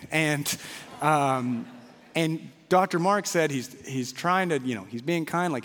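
A man preaching a sermon, telling a story, swinging from loud bursts to quiet asides. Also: on the high side, lively intonation, measured pace, big-room sound. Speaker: pastor. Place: church.

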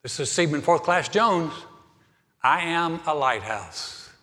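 A man voicing a young male seaman at a lighthouse, who answers slowly and steadily. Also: on the high side, voice pushed up, heavily acted. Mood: calm firm. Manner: slow, steady and unbothered. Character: calm, firm young male lighthouse keeper. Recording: long hall reverb, faint music.

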